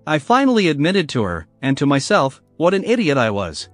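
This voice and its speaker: A man's voice: on the high side, huge pitch swings, brisk, dry recording, faint music behind. A man reading a remorseful, tearful old friend.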